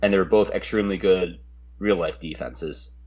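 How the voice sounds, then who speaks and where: Husky low-voiced man chatting sports. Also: moderate pace, a little mellow, lo-fi sound. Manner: hesitant, repeats words when starting sentences. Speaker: podcast co-host. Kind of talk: casual sports chat.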